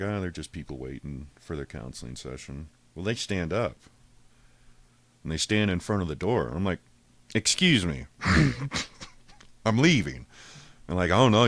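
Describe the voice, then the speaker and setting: Profane deep-voiced man telling a story. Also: no echo. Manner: profane, animated retelling, acts out quotes. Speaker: podcast host. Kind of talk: casual storytelling.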